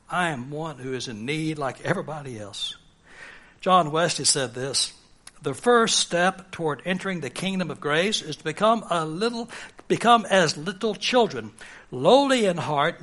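A man's voice: a little high, fairly bright tone. A man preaching a sermon on humility, earnest and rising to emphatic peaks. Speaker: pastor.

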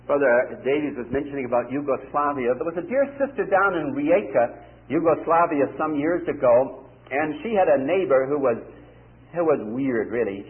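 A man preaching a sermon, telling a story in a lively way and acting out the people he quotes. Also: mid-range voice. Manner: animated storytelling, acts out quoted voices. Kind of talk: sermon with anecdote. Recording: tinny lo-fi cassette tape.

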